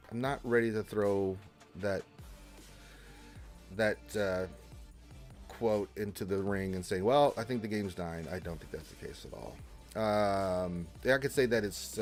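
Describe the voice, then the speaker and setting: A man hosting a casual gaming livestream, greeting viewers by name and answering chat questions in a jokey, animated way. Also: mid-range voice. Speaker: livestream host reading chat.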